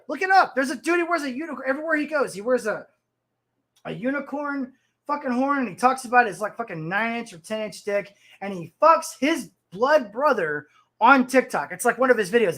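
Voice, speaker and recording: A man's voice: very high-pitched, animated, fairly quick, bright, forceful tone. A man in his thirties hosting a livestream, ranting about the news in a profane, rambling way and reading the chat. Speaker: host.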